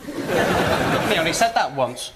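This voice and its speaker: A man's voice: on the high side, animated, takes it slowly, a loud crowd. An actor playing a brash female TV chef who keeps making cheeky double entendres, in 1990s TV sitcom acting. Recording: noisy old TV recording.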